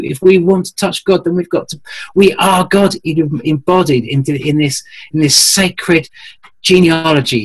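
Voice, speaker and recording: A man's voice: a little high, breathy edge, low-quality recording. A man talking as a guest on a call-in show, earnest and rambling, restarting his sentences often. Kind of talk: conversational call-in chat.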